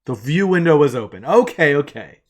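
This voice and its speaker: A man's voice: fairly high pitch, very animated, fairly quick. A man hosting a live coding stream, casually thinking aloud and narrating each step as he works from an attic room.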